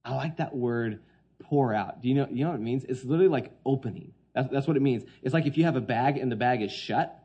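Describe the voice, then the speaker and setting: A man preaching a sermon, swinging between hushed quoted lines and loud, emphatic points. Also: mid-range voice, fast, husky, dull audio.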